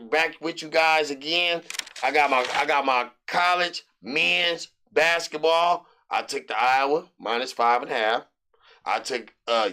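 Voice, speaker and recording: A middle-aged American man hosting a sports betting show, rambling loosely through his picks with hype and shout-outs. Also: medium pitch, clear, resonant tone. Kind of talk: casual sports picks monologue.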